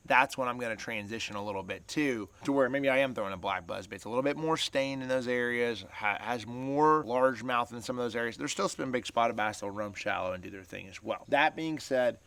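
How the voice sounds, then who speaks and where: A man's voice: mid-range voice, a little fast, hardly any pauses, fairly bright tone. A man hosting a fishing channel, chatting casually to camera as he explains his gear step by step and asks viewers for their opinions.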